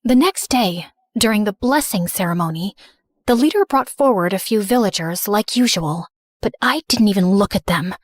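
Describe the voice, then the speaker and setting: A woman narrating in first person as a remorseful, misunderstood teenage girl, earnest and soft. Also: medium pitch, animated, normal speed, no echo, studio quality, lightly acted. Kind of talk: scripted story narration.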